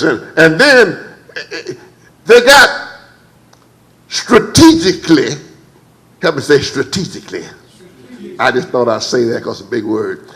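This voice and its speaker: A male pastor preaching to his congregation, his voice sitting a little high for a man. He calls for answers from the pews, stumbles and repeats words, and jumps up in pitch whenever he acts out a quote. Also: unhurried, pauses often, low-quality recording. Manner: animated, repeats words, leaps high when acting out quotes. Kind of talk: preached sermon with call-and-response. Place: church service.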